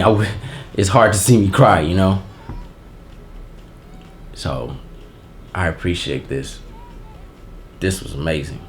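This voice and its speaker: A man hosting a casual unboxing vlog, giving heartfelt, emotional thanks in relaxed, slangy talk. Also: low-pitched, moderate pace, long pauses, slight background noise. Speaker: channel host.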